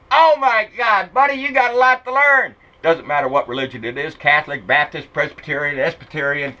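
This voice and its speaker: A man's voice: sits high, sharp tone, poor audio. A middle-aged man, ranting about politics in a blunt, profane, mocking way. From Texas. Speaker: political vlogger.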